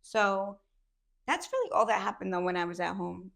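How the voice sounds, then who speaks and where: A woman's voice: medium pitch, lively intonation, normal speed, gravelly, fairly bright tone. A young woman with a heavy New England accent, co-hosting a podcast in casual, slangy, joking chat. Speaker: podcast co-host.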